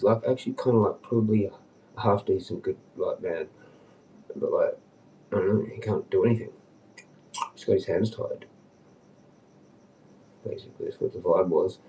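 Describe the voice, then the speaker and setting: A man rambling on a casual livestream, agitated and swearing, dropping to mutters and then jumping up in pitch. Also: dark tone, slight background noise. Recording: distant from the mic.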